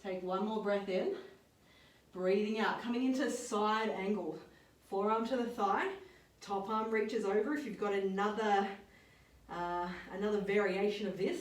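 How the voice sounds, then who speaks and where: A woman leading a yoga and strength workout, calmly cueing each move and breath. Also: mid-range voice, far from the mic. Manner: calm step-by-step cueing with breath counts. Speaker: fitness and yoga instructor. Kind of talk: guided workout instruction. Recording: roomy sound, voice off-mic.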